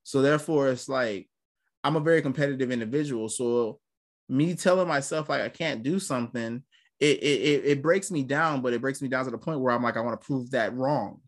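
A man's voice: medium pitch, a little fast. A young man hosting a podcast, talking in casual chat with a profane, rambling way of storytelling. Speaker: podcast host.

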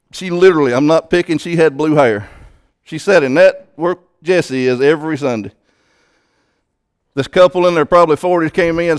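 Male preacher, fairly high smooth voice, emphatic sermon delivery with repeated words. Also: no echo, studio quality.

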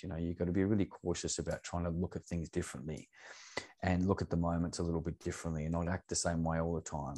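Man, very low voice, candid podcast guest. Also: dark tone, breathy edge. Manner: earnest, open, swears casually.

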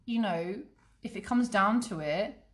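A woman's voice: medium pitch, a little slow, noisy background. A woman co-hosting a podcast, talking bluntly and swearing casually. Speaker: podcast co-host. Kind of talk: casual chat.

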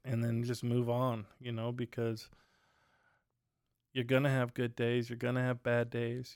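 This is a casual solo podcast: a man at home at night rambles through anecdotes, leaning on plenty of fillers. The recording of his medium-pitched voice is clean, studio-grade, and free of room sound.

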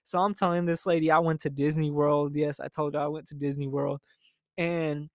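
Brief: young guy, slightly high voice, profane chatty storyteller, dry close mic. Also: flat delivery, normal speed, dry recording. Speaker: storytime host. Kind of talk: casual storytelling monologue.

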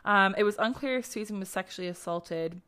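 A young podcast host spins casual true-crime tales in a rambling, chatty way, heavy on swearing and fillers. Her medium-pitched voice is a little fast, pushed and bright yet smooth.

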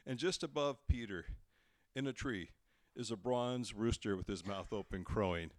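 A man preaching a sermon, telling the story with lively delivery and acting out the voices he quotes. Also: lowish voice, normal speed, no echo. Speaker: pastor.

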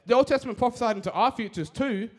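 A young man giving a casual, energetic sermon, talking fast with slang. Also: extremely high pitch, slightly rough.

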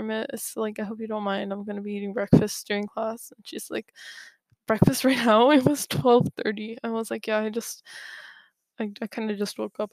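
A woman's voice: mid-range voice, gravelly, dry recording. A young woman vlogging in a casual, rambling way, often laughing and correcting herself. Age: young adult. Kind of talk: casual storytelling to camera. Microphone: own mic, bumped at times.

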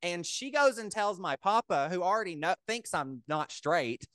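A young man in his twenties co-hosting a podcast, telling a story in a casual, animated way full of "like". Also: high-pitched, moderate pace, dry recording, clean studio sound. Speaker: podcast co-host. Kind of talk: casual chat.

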